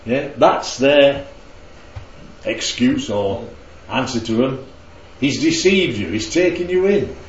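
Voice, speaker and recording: A man leads a Bible study with a lively, rising and falling voice, constantly checking in with his listeners. The sound is roomy and a little dull. He teaches in an interactive, conversational way. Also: mid-range voice, slow, slight background noise. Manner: keeps checking in with the group. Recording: roomy, slightly dull recording.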